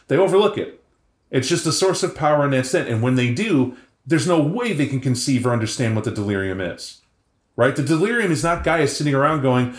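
A man talking casually and at length about tabletop role-playing lore, rambling and animated. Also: mid-range voice. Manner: animated, rambling, acts out voices. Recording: echoey room.

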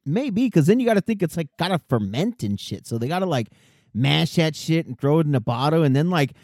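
Casting note: crude, laughing man trading wild stories in casual banter, slightly high, very lively pitch, dry close mic. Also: a little fast, no echo. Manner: animated, crude, laughing storyteller.

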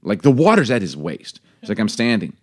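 Low-voiced man telling stories. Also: a little fast, no echo, clean studio sound. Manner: animated storyteller, acts out quotes. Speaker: podcast co-host. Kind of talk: casual chat.

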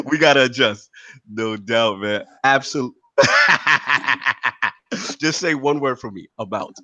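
A man's voice: medium pitch, lively intonation, takes it slowly, bright, forceful tone. A man hosting a casual gaming podcast, introducing guests with playful hype-style nicknames. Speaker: podcast host.

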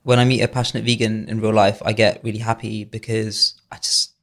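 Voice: medium pitch, level tone, brisk. A guest on a podcast, speaking earnestly and emphatically in a conversational interview.

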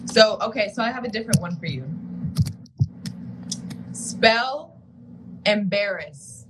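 A woman's voice: medium pitch, lively intonation, slow. A woman running a spelling game in casual chat, laid-back and often laughing. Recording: noticeable background noise.

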